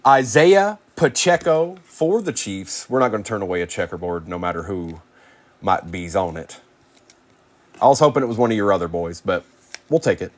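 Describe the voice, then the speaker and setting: A man hosting a live card break, rapidly calling out player names and chatting with viewers by name. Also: fairly low pitch.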